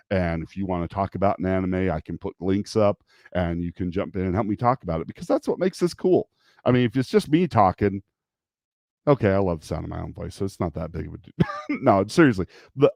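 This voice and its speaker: A man's voice: low voice, mellow, no echo, muffled recording. A man with kids hosting a casual livestream, rambling, restarting sentences and laughing often. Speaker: livestream host.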